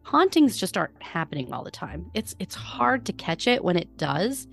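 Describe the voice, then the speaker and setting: A woman's voice: on the low side, normal speed, gravelly, faint music behind. An American woman co-hosting a podcast, chatting casually and acting out the quotes in her stories. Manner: animated storytelling, acts out quotes. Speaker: podcast co-host. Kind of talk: casual chat.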